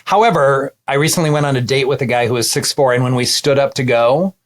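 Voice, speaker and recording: A man in his fifties, a couples therapist co-hosting a podcast, chatting in a lively, tumbling way full of quick asides. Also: mid-range voice. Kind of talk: casual podcast chat. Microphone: remote call setup.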